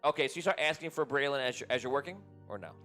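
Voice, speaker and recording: A man running a tabletop game as game master, chatty and quick to laugh. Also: mid-range voice, bright, forceful tone. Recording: very echoey hall, faint music.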